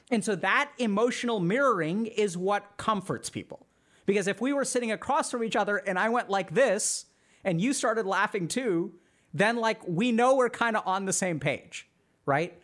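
A man hosting a podcast as a psychiatrist, explaining in an animated, casual way with lots of "like" and acted-out examples. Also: high voice. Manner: animated, heavy use of "like", acts out examples.

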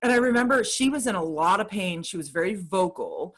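A woman's voice: medium pitch, animated, fairly quick, fairly bright tone, husky. A woman chatting casually, candid and dramatic as she tells a personal story. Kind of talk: casual chat about surgery recovery.

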